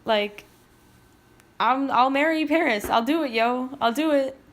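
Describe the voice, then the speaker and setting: A woman's voice: high voice, a little slow, voice pushed up. A woman voicing a gloomy teenage girl who talks in slang. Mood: resigned. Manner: mopey, slangy.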